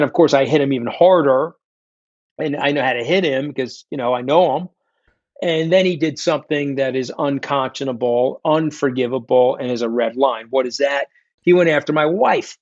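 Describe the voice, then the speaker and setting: A middle-aged man, a guest telling stories in an interview, blunt, combative and quick to swear. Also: mid-range voice, no room sound. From New York. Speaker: guest, fund founder. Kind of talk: candid storytelling interview. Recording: dull, dry lo-fi sound.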